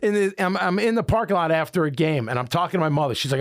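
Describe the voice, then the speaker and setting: A middle-aged man from Illinois, a sports radio host, telling rambling, animated stories with many restarts in casual talk. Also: fairly high pitch, quick pace, few pauses.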